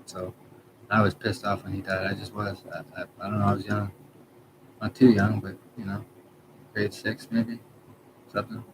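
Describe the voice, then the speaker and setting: Man, 30s, deep and monotone, halting rambling monologue, noisy background. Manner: halting, trails off, many restarts and self-corrections. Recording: background noise.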